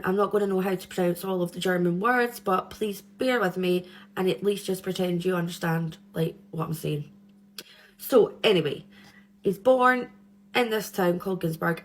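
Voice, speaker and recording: A young woman hosting a true crime channel, telling the story in a chatty, rambling way with nervous giggles. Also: medium pitch. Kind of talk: casual true crime chat.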